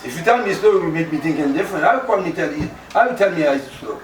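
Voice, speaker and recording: A man acting as a Bahamian dad with a fairly high voice, who talks emphatically and repeats himself. He is recorded in a roomy space far from the mic. Background noise runs underneath. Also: animated, fast, close to an everyday voice. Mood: arguing. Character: adult man, a hot-tempered but doting father. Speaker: actor in a low-budget feature film. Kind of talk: naturalistic film acting.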